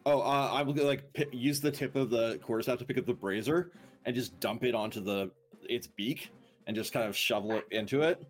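A man's voice: mid-range voice, fairly quick, soft background music. A man playing a tabletop game who talks hesitantly, with many fillers. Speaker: player.

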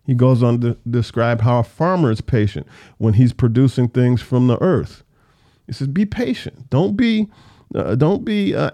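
A man teaching a casual Bible study, reading verses slowly and then explaining them in loose, conversational asides. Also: mid-range voice, mellow, dry recording.

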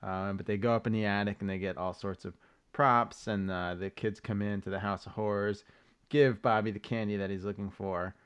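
A man's voice: on the low side, steady tone, a little fast, a bit bright, clean tone. A man co-hosting a podcast, rambling casually through a recap with loose swearing. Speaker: podcast co-host. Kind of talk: casual chat.

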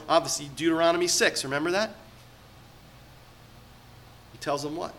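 A middle-aged man preaching a sermon as pastor, swinging between loud emphatic peaks and quiet asides. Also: a little high, normal speed, pauses often.

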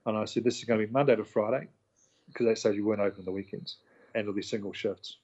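A man's voice: on the low side, fast, breathy edge, dull audio. A middle-aged man, a chef and restaurant owner, candidly telling stories in a casual interview, acting out voices and swearing now and then. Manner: candid, animated storyteller, acts out quoted voices, swears.

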